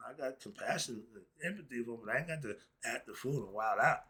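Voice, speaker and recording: A man's voice: medium pitch, expressive, fast, bright, forceful tone, slightly rough. A man talking through a casual monologue on his own channel, emphatic, asking himself questions and answering them, stretching out the words he stresses.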